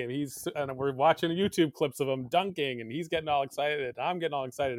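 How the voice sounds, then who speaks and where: A man in his thirties, a podcast co-host, telling a story in a lively, laughing way. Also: fairly high pitch, brisk, few pauses, no echo. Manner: animated storytelling, laughing often. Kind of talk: casual chat.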